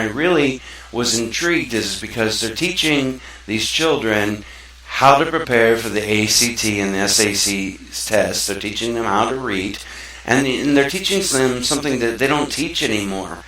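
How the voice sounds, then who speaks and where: Male host, low voice with a forceful edge, earnest rambling monologue, recorded from a distance. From South Mississippi, USA. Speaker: show host. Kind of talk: casual talk-show monologue. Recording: echoey room, far from the mic.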